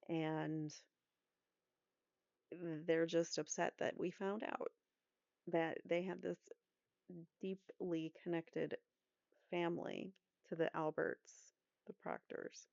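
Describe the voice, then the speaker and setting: A woman's voice: on the low side, vocal fry, a little mellow, no echo, dull audio. A woman hosting a true crime commentary channel, talking casually and outspokenly to her viewers. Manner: outspoken, exasperated, chatty.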